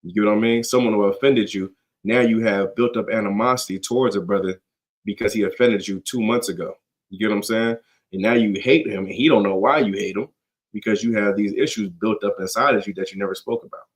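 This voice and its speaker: A man leading a scripture study in a loose, conversational way. His voice sits a little low, and he talks in slang, acting out bits of dialogue and checking in with his listeners. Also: steady tone, brisk. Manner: conversational, slangy, acts out dialogue, constant "you get what I'm saying". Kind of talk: casual scripture teaching.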